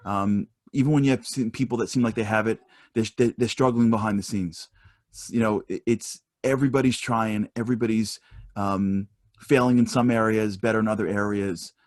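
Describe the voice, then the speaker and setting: A man speaking as a motivational speaker, telling stories in a fast, animated way with many restarts. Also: lowish voice, dry recording, clean studio sound. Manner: fast, many restarts, voice rises when storytelling. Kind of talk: animated storytelling talk.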